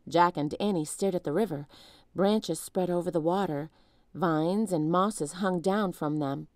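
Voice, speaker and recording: A woman reading a children's chapter book aloud in an expressive storytelling manner. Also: on the low side, measured pace, dry recording, clean studio sound. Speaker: storybook reader.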